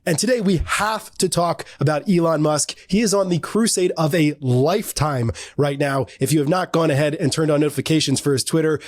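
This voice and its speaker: Raspy, higher-voiced male podcast host. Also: no room sound, clean studio sound. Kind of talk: casual podcast chat.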